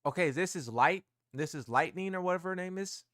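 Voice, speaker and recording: A man's voice: high voice, a little fast, a bit bright, no room sound, clean studio sound. A man streaming live and reacting casually to gaming posts, rambling, repeating himself and using slang.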